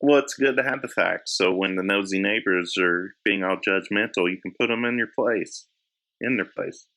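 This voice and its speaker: A man who works as an editor and publisher, a guest chatting in a relaxed way and laughing easily. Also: deep voice, normal speed, rough recording. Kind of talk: casual chat.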